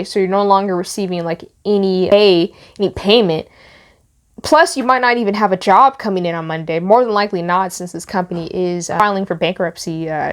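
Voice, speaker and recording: A young woman vlogger giving heartfelt, rambling commentary on the news. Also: mid-range voice. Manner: emotional, rambling with restarts. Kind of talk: casual commentary.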